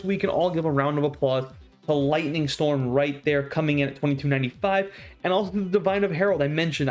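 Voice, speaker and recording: A man hosting a card-opening video, recapping values in an enthusiastic, emphatic, salesy way. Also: on the high side. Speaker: card-opening channel host. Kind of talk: casual unboxing commentary.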